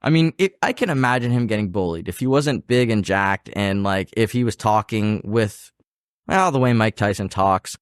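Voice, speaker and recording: Chatty host with a valley twang. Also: male voice, fairly low pitch, normal speed, smooth, no echo, studio quality. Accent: Ottawa Valley country twang. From Ottawa Valley region, Canada. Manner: chatty storyteller, animated, addresses listeners. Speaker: podcast host. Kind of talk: casual interview chat.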